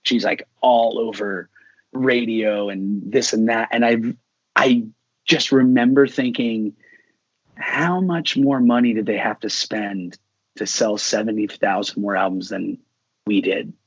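Husky-voiced man telling a story. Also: fairly low pitch, unhurried, dry recording. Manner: animated, acts out quoted dialogue. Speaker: musician guest. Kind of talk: casual interview storytelling. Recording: dull lo-fi sound.

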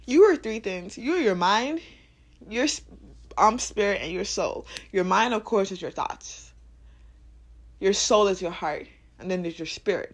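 A twenty-one-year-old woman talks unscripted on her podcast about heart and spirit, casual and swearing freely. She swings between low, musing tones and loud bursts of laughter.

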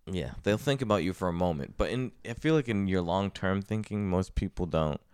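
Deep, smooth-voiced laid-back man. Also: a little fast, a little mellow, dry recording, clean studio sound. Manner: laid-back, laughs often. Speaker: podcast co-host. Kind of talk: casual podcast banter.

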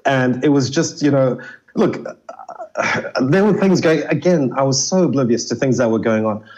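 A man's voice: medium pitch, expressive, normal speed, darkish tone. A man from Zimbabwe, telling stories as an interview guest in a casual, chatty way, often saying "you know". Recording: slightly dull lo-fi audio.

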